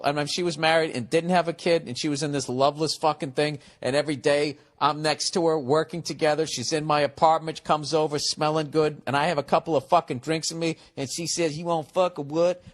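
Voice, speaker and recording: A man's voice: on the high side, fairly even intonation, fast talker, few pauses. Blunt, profane man ranting advice. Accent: Boston. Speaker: podcast host giving advice. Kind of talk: casual advice monologue.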